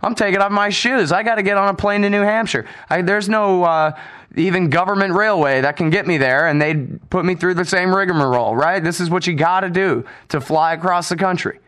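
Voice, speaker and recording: An American man alone at the mic of his radio show, ranting with sarcasm and open contempt. His voice sits a little higher than most men's. He swears freely and gets loud when he is indignant. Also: a little fast, smooth. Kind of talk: solo radio monologue rant.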